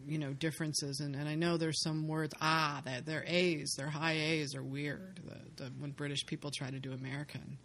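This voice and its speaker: A woman talks in a lively, playful way, chatting casually with friends about acting. She laughs easily and keeps the conversation moving. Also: sits low, slight background noise. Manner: animated, laughs often, playful.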